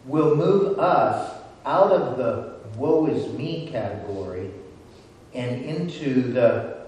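Slow-preaching man in an echoey church. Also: medium pitch, expressive, darkish tone. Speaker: pastor. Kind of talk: sermon. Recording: echoey church hall from a distance.

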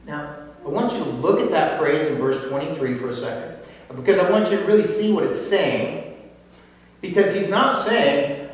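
A man preaching a sermon, earnestly reading scripture slowly and explaining it. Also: fairly high pitch, lively intonation. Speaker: pastor. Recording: echoey hall, voice from far off.

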